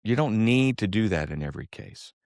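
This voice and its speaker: A man with a very low voice gives calm, measured advice on a podcast. He is recorded on a close, dry mic with no room sound. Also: vocal fry, no echo. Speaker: podcast co-host. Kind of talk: casual podcast conversation.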